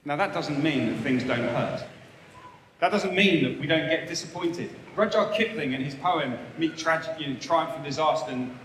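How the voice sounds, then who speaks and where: A man delivers a sermon in an earnest, emphatic way, driving points home with short repeated phrases. His voice sits fairly high. It rings out with heavy echo and a long reverb, as in a large hall. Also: moderate pace, a bit bright, a little hiss or hum. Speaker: preacher. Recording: echoey hall, faint ambience.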